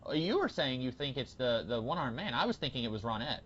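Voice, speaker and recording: A man co-hosting a podcast, chatting casually about a TV episode with lots of fillers and bursts of excitement. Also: mid-range voice, quick pace, muffled recording, a crowd in the background. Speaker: podcast co-host. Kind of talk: casual TV discussion.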